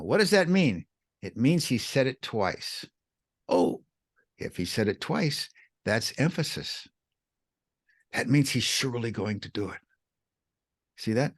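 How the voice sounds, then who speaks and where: A man co-hosting a podcast, teaching in an animated, emphatic way, repeating words and jumping up in pitch to stress points. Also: no echo, studio quality. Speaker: podcast co-host teaching scripture. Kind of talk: animated explanatory teaching chat.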